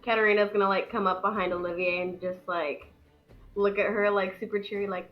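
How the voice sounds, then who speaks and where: A woman playing a tabletop role-playing game, talking quickly with many fillers. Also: mid-range voice, flat delivery, soft background music. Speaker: player. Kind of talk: casual tabletop role-play. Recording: dull lo-fi sound.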